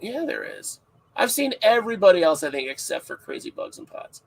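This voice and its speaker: A man's voice: high-pitched, sing-song, fairly quick, creaky, slightly rough, low-quality recording. A man hosting a casual livestream podcast, rambling and joking with frequent laughs, sounding tired. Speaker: podcast host.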